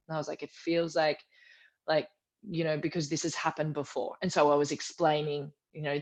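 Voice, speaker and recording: A woman with a lowish voice tells a personal story in a relaxed podcast conversation. She acts out the people she quotes and often sinks into a soft, hushed delivery. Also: a little fast. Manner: animated retelling, acting out quoted voices, drops to a soft low voice. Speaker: guest. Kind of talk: candid storytelling in a podcast interview.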